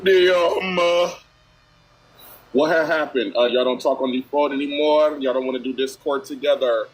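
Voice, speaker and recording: A man's voice: on the high side, moderate pace, slightly rough, low-quality recording. A man streaming live, chatting casually and thanking viewers by name for donations in loose slang. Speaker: streamer reacting to a video.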